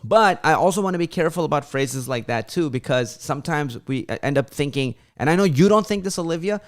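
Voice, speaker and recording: A young man hosts a casual livestream on his channel, speaking fast and animated in a voice on the high side. He talks loosely, leaning on "like" as a filler, and imitates his friends' voices when telling stories.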